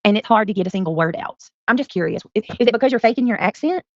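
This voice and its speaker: A woman's voice: mid-range voice, lively intonation, very fast, no echo. A woman streamer ranting angrily at a rival, confrontational, sarcastic and profane. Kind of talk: angry livestream rant. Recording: dull lo-fi stream audio.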